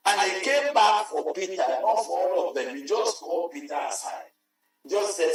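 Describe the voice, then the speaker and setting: Guy preaching real slow, highish voice, booming church echo, mic kinda far. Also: lively intonation. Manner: emphatic, repeats phrases, rises to shouts. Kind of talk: sermon. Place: large church hall. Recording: very echoey church hall, mic far off, faint music.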